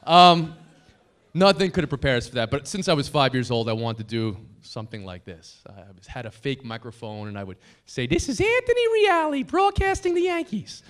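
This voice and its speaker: At a banquet hall anniversary dinner, a thirty-something broadcaster speaks into a podium microphone with a smooth, slightly bright, medium-pitched voice at a brisk clip. He pokes fun at himself while telling stories, then turns sincere and grateful in his tribute.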